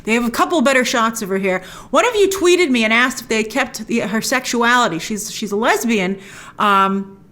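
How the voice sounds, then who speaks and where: A woman's voice: on the high side, animated, normal speed, fairly bright tone. A woman hosting a film trailer review show, chatting through a breakdown with enthusiastic, playful asides. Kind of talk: casual trailer breakdown commentary.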